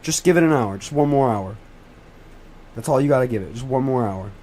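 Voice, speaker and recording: Here a teenage boy runs a laid-back stream for his chat while following storms. At a brisk clip and medium pitch, he swears, pleads, loops back over his words, and gets suddenly hyped when he notices something.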